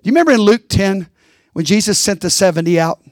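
Rousing high-voiced man preaching a sermon. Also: expressive, brisk, no echo, studio quality. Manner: rousing, calls out to the congregation. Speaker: pastor.

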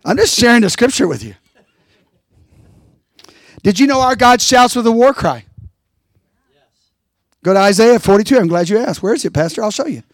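A man's voice: high voice, animated, moderate pace, long pauses, dry recording, studio quality. A pastor preaching a rousing sermon, calling out to his congregation.

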